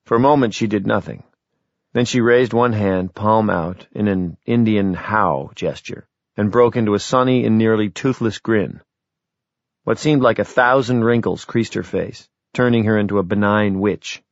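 Low-voiced man narrating an audiobook. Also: normal speed, gravelly, no room sound. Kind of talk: scripted narration. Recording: slightly dull, lo-fi recording.

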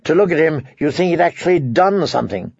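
A man reads a story aloud in measured narration. His voice is husky with a gravelly edge. The recording is dry, close and a bit dull. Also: on the high side, animated, darkish tone, no echo. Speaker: audiobook narrator. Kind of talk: scripted narration.

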